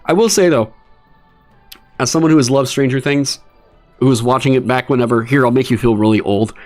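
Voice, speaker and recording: A man hosting a livestream, talking casually and swearing in exasperated, animated rants. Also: mid-range voice, a little fast, soft background music. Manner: animated, profane ranting with exasperated asides. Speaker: streamer hosting a dungeon design stream.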